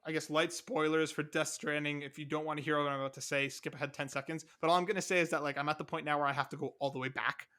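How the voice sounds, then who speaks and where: A young adult man co-hosting a casual podcast, talking fast and animated, often cutting in over his co-host. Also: a little high.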